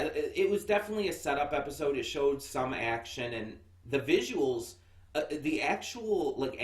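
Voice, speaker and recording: An American man giving a casual anime review, chatty and rambling with lots of fillers and restarts. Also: medium pitch. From United States. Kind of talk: casual first-impressions review. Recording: echoey room, mic set far off.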